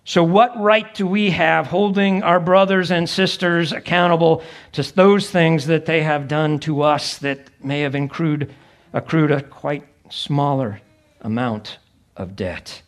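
A man's voice: on the high side, a little slow. A middle-aged male pastor preaching a sermon in a conversational way, acting out the voices of people he quotes.

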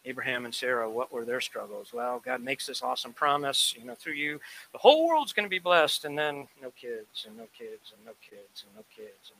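A man preaching a sermon, lively and emphatic, acting out the voices of people he quotes and rising to loud emphasis when reading scripture. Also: mid-range voice, moderate pace, creaky, a little hiss or hum, low-quality recording. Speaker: pastor.

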